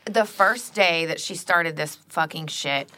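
Podcast co-host, young woman, lowish bright voice, blunt and wry, quick to chime in. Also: a little hiss or hum. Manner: wry interjections, laughs along, blunt. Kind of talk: casual chat.

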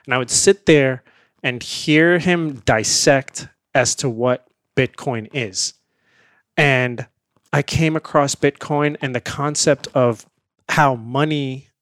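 A man who grew up in India, a guest on an interview, telling a lively anecdote in a casual way and laughing often. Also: medium pitch, slow, dry recording, studio quality.

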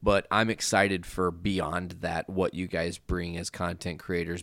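A man's voice: fairly low pitch, vocal fry, no room sound. Joking, profane male podcast host. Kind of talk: casual podcast chat.

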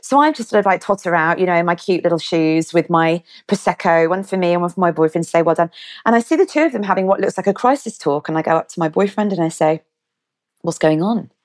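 A woman's voice: lowish voice, fast talker. Woman retelling a story vividly. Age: 30s. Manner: vivid, animated retelling with quoted dialogue. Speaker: guest. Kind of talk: storytelling in an interview.

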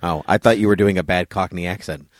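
A man's voice: low-pitched, fast, no echo, studio quality. A man hosting a podcast in casual chat, laughing often and teasing his co-host.

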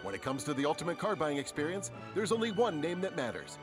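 A man reading a scripted car dealership commercial. His pitch swoops widely, sitting a little high. Music plays clearly behind him. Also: big pitch swings, fast. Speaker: ad announcer.

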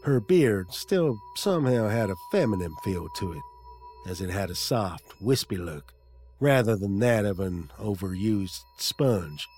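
A man's voice: lowish voice, big pitch swings, unhurried, a little mellow, soft background music. A man narrating a comic audiobook in a wry storytelling manner.

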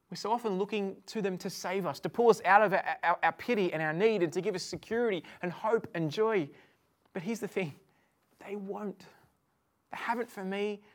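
A woman delivers a sermon to an online audience. Her manner is chatty and animated, moving between quiet, intimate stretches and loud, emphatic ones. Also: medium pitch. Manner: conversational and animated, swings from hushed to loud. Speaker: preacher.

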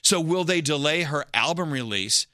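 A man with a bright, fairly high voice hosts a studio radio chat. He talks playfully and with animation. The sound is dry and close. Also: moderate pace, dry recording. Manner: chatty, playful, animated storytelling. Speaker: radio show host. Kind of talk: casual entertainment news chat.

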